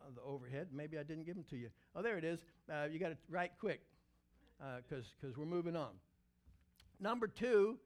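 A man preaching a sermon as pastor, telling animated stories and breaking into loud excited shouts. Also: on the high side.

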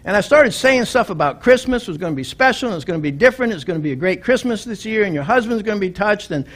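A man preaching a sermon as pastor, telling a story and building to loud, emphatic exhortation. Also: high-pitched, expressive, fast.

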